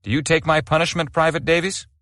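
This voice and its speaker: A man voicing a stern army colonel who questions in a measured, formal way in an audiobook. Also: on the high side, fairly even intonation, fairly bright tone, dry recording, studio quality, pitched above the performer's own voice, close to an everyday voice. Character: stern army colonel presiding over discipline.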